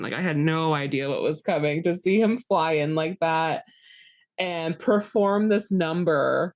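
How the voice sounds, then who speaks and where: A woman with a deep voice co-hosts a casual podcast. She jumps in quickly and reacts with enthusiasm. The recording is dry and close. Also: animated, no room sound. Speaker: podcast co-host. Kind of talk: casual chat.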